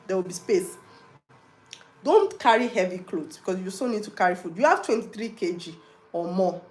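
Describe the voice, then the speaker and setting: Nigerian woman, live stream host, casual chatty advice, mid pitch, roomy echo. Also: lively intonation, moderate pace, a little mellow. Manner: chatty, advising viewers directly, mixing in Yoruba and pidgin. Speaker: livestream host.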